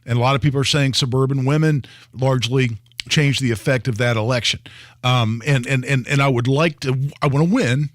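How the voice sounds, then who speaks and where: Earnest male radio co-host, halting restarts. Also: medium pitch, dry recording, clean studio sound. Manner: earnest, with many restarts and repeated words. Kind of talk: talk radio political discussion. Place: radio studio. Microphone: studio microphone.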